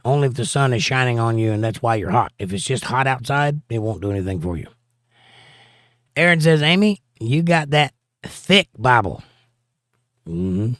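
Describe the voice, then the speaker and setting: A man's voice: mid-range voice, animated, normal speed, fairly bright tone, no echo. A male livestream host reading viewer comments aloud and answering them with dry, joking asides in a casual chat.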